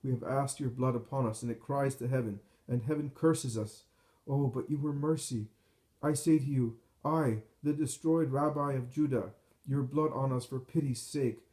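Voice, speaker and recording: An old rabbi, broken and repentant, begging for mercy in a raised, urgent voice, as a man reads him. The tone is dark and mellow, and anguish runs through every phrase. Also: medium pitch, normal speed, hardly any pauses, voice pushed up, lightly acted. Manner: pleading, anguished, breathless. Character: elderly rabbi, distraught and repentant.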